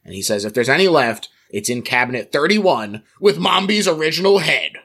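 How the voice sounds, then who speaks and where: Playful bright-voiced man host. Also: on the high side, very animated, brisk, slightly rough. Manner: playful, laughs at his own jokes. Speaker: podcast host. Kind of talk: plot recap and casual chat.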